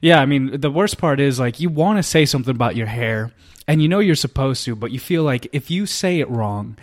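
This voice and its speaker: A man's voice: medium pitch, brisk. A young man guesting on a podcast, chatting casually, laughing often and agreeing along. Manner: relaxed, frequent laughs and agreeing backchannels. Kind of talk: casual chat.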